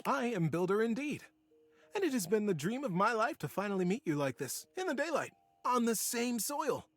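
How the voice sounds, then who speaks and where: An actor in a storybook game voicing a cheerful, genial male beaver stranger with a jovial, warm manner. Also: high voice, big pitch swings, normal speed, dry recording, soft background music, pitched above the performer's own voice, exaggerated voice.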